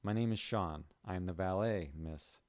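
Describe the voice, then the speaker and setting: A man's voice: sits low, moderate pace, a little mellow, lightly acted. A man doing a polite, formal male valet. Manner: courteous, formal.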